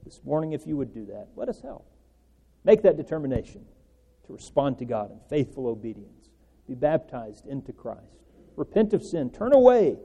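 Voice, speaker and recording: A man preaching an earnest sermon, pressing certain words and letting his phrase endings trail off softly. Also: mid-range voice, big pitch swings, moderate pace, gravelly, slightly rough. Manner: earnest, rising and falling emphasis with soft trailing endings. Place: church hall. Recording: long church reverb.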